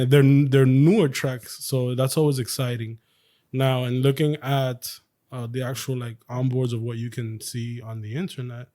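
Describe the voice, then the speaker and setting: A man in mid pitch chatting on a racing podcast, laid-back and rambling, hedging with fillers as he works through his thoughts. Casual co-host talk among friends. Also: a little mellow. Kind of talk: casual chat.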